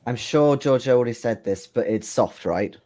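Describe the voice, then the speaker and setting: A man's voice: mid-range voice, normal speed, warm tone. A man playing a tabletop game, dry and playful. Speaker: player. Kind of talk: casual tabletop game chat.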